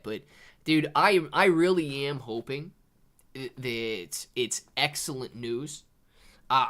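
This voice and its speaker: Male live-stream host, casual and chatty, lots of "dude" and "man," talking softly at home. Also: mid-range voice. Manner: casual, says "dude" and "man" a lot, thinks aloud with restarts; talks softer to keep quiet near children. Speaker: livestream host reading chat.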